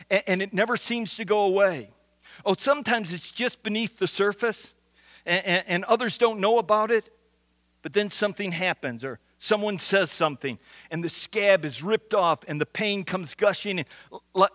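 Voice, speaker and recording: A man preaching a sermon as pastor, earnest, slowing down to stress key lines and often restarting words. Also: high-pitched, a bit bright, no echo. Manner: earnest, with frequent restarts and slow emphatic repetition.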